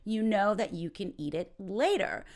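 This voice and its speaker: A woman's voice: medium pitch, expressive, moderate pace. A woman teaching informal English in a playful way, acting out short example dialogues. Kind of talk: informal ESL lesson.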